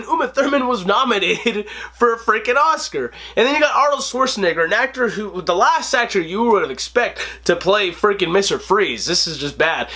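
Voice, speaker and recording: High, bright-voiced young man joking. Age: 20s. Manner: animated, joking, laughs often. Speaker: host. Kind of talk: casual movie review vlog.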